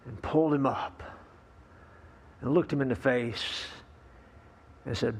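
A man's voice: mid-range voice, slow, pauses often, husky. Folksy pastor man preaching a sermon. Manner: folksy joke-telling with chuckles and fillers.

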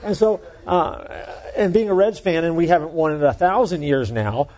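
Warm, folksy male pastor preaching. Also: on the high side, normal speed. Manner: conversational, folksy, joking with the congregation. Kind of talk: sermon.

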